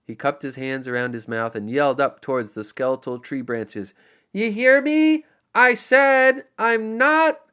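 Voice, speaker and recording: A man voicing a drunk, embarrassed cop who shouts defiantly into the night, in an audiobook. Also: medium pitch, steady tone, a little fast, few pauses, lightly acted. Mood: defiant shouting.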